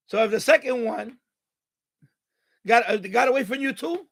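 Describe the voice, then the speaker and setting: Male live-streamer, exasperated and profane, very high pitch, casual rant. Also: moderate pace, gravelly, long pauses, a bit bright. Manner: exasperated, swears freely. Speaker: radio hobbyist live-streamer. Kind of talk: ranting live-stream chat.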